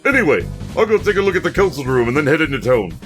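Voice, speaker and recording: A man voicing a flirtatious male pigeon secret agent in a put-on Russian accent, smooth and theatrical. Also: fairly high pitch, very animated, racing, fairly bright tone, faint music behind, pitched above the performer's own voice. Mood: suave. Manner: smooth, theatrical, playboy charm. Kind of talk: video game voice acting.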